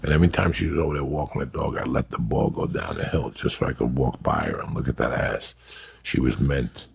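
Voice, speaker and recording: A middle-aged man, a podcast host, telling profane stories in casual chat with a gravelly voice. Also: extremely low pitch, fairly quick. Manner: profane, animated storyteller.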